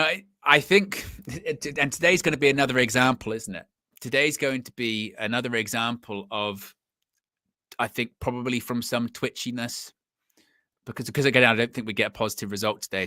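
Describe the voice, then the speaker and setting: A young man hosting a live football fan stream, chatting in an animated way and laughing often. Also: mid-range voice, no room sound, clean studio sound. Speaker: football fan channel host.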